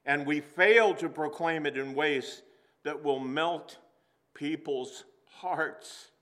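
A man preaching a sermon to a congregation in a church, earnest and slowing down for emphasis. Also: fairly high pitch, sharp tone. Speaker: pastor. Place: church sanctuary.

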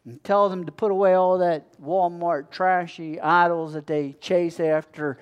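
A male pastor delivering a sermon in a fairly high, smooth and resonant voice. He builds momentum through a chain of repeated phrases, pressing each line home with preaching cadence. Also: steady tone, a little slow, highs cut off.

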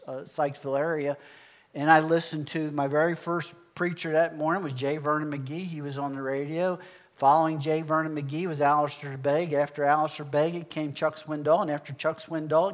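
Guy pastor, kinda high voice, folksy storytelling in a sermon. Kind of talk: sermon testimony.

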